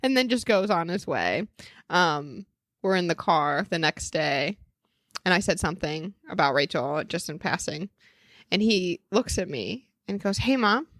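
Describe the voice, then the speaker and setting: A woman's voice: on the low side, lively intonation, measured pace, a bit bright, no echo. A young woman, a podcast guest, telling stories animatedly and acting out quotes. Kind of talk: casual storytelling.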